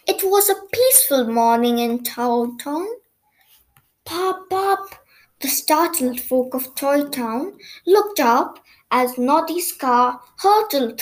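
A woman reads a bedtime story aloud in a gentle, soothing way. Her voice is high, and she takes her time over every line. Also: rough recording. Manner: gentle, slow, soothing reading.

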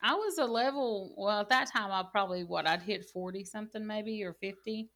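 A woman's voice: medium pitch, brisk, fairly bright tone. A woman in casual gaming chat, telling rambling stories full of "like" and "you know.". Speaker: gaming channel co-host.

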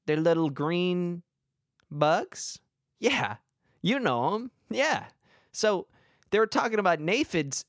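A man's voice: fairly high pitch, big pitch swings, slow pace, no room sound. Young male storyteller, rambling and self-mocking, comic monologue, dry mic. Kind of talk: comedic personal story.

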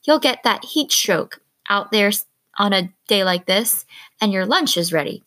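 A woman's voice: mid-range voice, expressive, unhurried, a bit bright. A woman voicing a firm, no-nonsense mother who calls her child indoors. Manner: firm, commanding.

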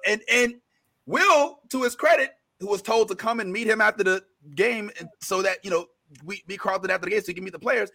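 A man hosting a casual pop-culture talk show, rambling through restarts and fillers and getting animated when he retells scenes. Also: high voice, brisk, vocal fry. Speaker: show host.

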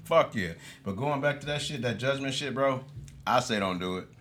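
A man, talking in casual chat with animated street slang and profanity. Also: mid-range voice, normal speed.

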